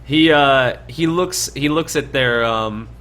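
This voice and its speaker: A man's voice: mid-range voice, takes it slowly, fairly bright tone. A young man narrating casually as dungeon master, rambling with lots of fillers. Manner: rambling, filler-heavy, laid-back. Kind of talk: casual tabletop game narration.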